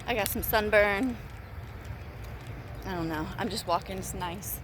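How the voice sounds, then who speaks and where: Walking outdoors in the heat, a woman vlogs a venting monologue to camera, upset and emphatic and repeating herself. Her medium-pitched voice is unhurried and fairly bright, with a little hiss or hum.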